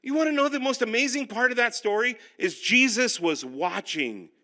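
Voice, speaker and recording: Bright-voiced, animated older male pastor. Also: extremely high pitch, moderate pace. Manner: animated, self-deprecating storytelling. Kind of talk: sermon-style finance class.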